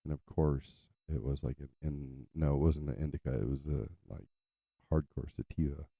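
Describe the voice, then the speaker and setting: A man's voice: extremely low pitch, steady tone, normal speed, creaky, dry recording, lo-fi sound. A man from California telling a rambling story in casual, profane chat, full of fillers, as host of his show. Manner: loose, profane, chatty, trails off in filler. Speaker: podcast host.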